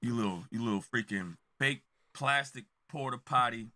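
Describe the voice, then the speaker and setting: A man hosting a reaction video, loud and laughing, repeating punchlines as he reacts. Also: medium pitch, moderate pace. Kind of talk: excited reaction commentary.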